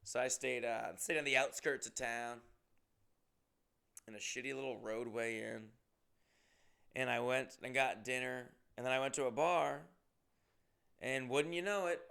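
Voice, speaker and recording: Gravelly-voiced man telling a rowdy story. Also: medium pitch, unhurried. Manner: profane, animated, with bursts of loud emphasis. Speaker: comedian on tour. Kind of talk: casual storytelling monologue.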